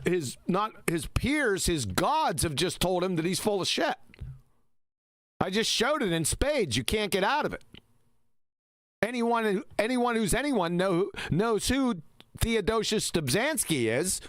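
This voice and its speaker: A man's voice: sits high, dry recording, clean studio sound. A man co-hosting a live stream, commenting on a video in a sarcastic, insulting way. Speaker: live show co-host.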